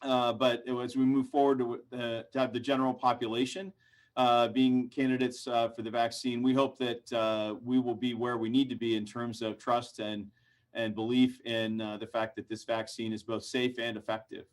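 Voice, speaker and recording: A man's voice: medium pitch, level tone, moderate pace. A man, a doctor, answering a question at a press briefing, hesitant with many fillers.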